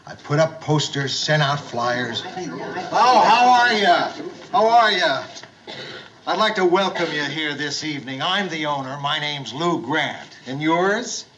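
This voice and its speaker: An actor playing a gruff middle-aged boss turned overeager bar host, in 1970s sitcom style. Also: male voice, on the high side, expressive, slow pace, fairly bright tone, a little hiss or hum, low-quality recording. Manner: forced, overeager cheerfulness. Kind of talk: 1970s studio sitcom acting.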